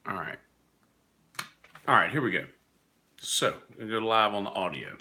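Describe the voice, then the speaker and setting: A man's voice: lowish voice, animated, unhurried, bright, forceful tone, slight background noise. A man hosting his own podcast, telling rambling stories in a candid, profane, casual way. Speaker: podcast host; working musician. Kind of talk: casual monologue.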